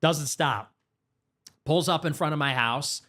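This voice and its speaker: A man as a podcast guest, recounting a story in a fast, animated way with sudden pitch jumps. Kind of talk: casual storytelling interview. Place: podcast studio.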